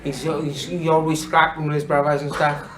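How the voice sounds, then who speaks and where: A man in his thirties, a boxer chatting casually as an interview guest, blunt and sweary and quick to laugh. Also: a little high, monotone, noisy background. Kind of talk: casual chat.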